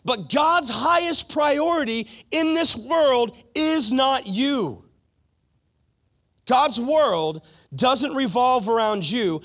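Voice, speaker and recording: A male pastor preaching a sermon in an animated style, mixing conversational asides with playful mock impressions. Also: extremely high pitch.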